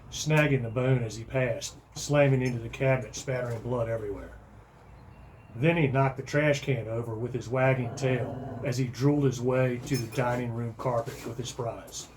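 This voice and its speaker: A middle-aged man with a voice of ordinary pitch reads his own funny story aloud. He keeps the telling dry and matter-of-fact, letting the events carry the humor. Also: a little hiss or hum. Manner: dry storytelling, bursts into loud shouting for quoted lines. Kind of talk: first-person comic story reading.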